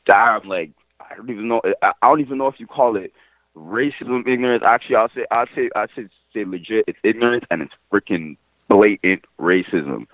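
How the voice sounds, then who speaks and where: A man's voice: on the low side, fairly quick, no room sound. Young man on a tinny phone line. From Montreal. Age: young adult. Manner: emphatic street slang, repeats phrases, swears. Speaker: interviewee, nephew of the deceased. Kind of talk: casual, heartfelt storytelling.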